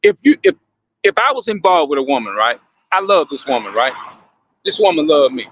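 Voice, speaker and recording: Gravelly man musing aloud to viewers. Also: on the high side, a bit bright, highs cut off. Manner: questioning, repetitive, emphatic. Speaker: commentator addressing viewers. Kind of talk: casual monologue to viewers.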